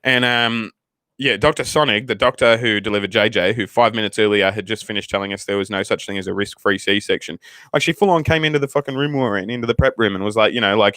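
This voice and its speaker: A man with an Australian accent, a channel host telling a story casually to his viewers, rambling and animated, with frequent swearing. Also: lowish voice, fast, dry recording. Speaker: channel host, new father.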